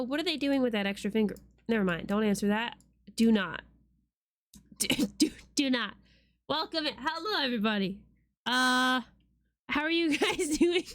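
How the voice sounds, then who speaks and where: A woman's voice: on the high side, no room sound. A woman streamer chatting playfully with her viewers while she draws, swearing casually.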